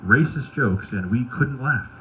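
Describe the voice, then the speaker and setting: A man doing stand-up, telling wry, crude anecdotes in a deadpan way. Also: medium pitch, unhurried, lo-fi sound, a little hiss or hum. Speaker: stand-up comedian. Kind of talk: stand-up storytelling at an open mic.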